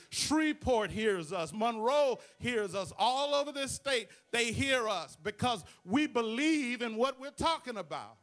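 Male pastor, sermon delivery, very high bright voice. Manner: preaching with call-and-response asides. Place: church sanctuary.

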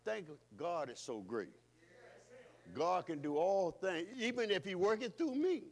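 A male pastor preaching a sermon with rhythmic, repetitive phrasing, swinging between loud calls and hushed passages. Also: sits high, sing-song, unhurried. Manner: repetitive, call-and-response phrasing.

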